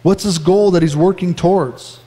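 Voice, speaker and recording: A man preaching a sermon in a conversational, animated way, often acting out quoted lines. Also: sits high, normal speed, in a large hall. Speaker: pastor.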